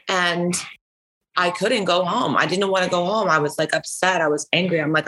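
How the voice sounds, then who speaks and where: Her voice fairly low yet bright and forceful, this Northern California woman chats through a personal story on someone else's podcast at a moderate pace. She laughs readily and says "like" a lot; the audio is poor.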